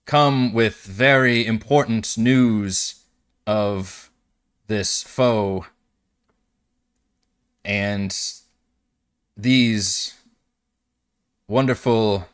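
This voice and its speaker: A man voicing a weary woman, a former village mayor, who speaks quietly and pleads earnestly. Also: lowish voice, smooth.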